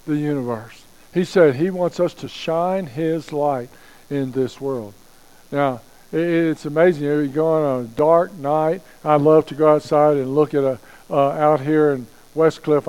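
A man preaching a sermon as pastor, slowing down to stress key phrases and asking rhetorical questions. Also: a little high, a little mellow, clean tone, low-quality recording.

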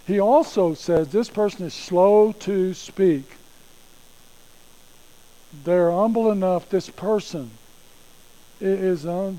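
A man's voice: high-pitched, warm tone, poor audio. A male pastor preaching a sermon in a folksy, conversational way, often repeating himself.

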